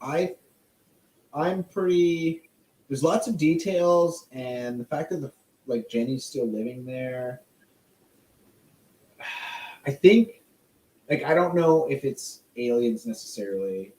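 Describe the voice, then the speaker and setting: A man's voice: mid-range voice, takes it slowly, long pauses. A man co-hosting a podcast, chatting casually and trading jokes. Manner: animated, joking, trades quips. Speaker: podcast co-host. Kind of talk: casual chat. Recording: roomy echo.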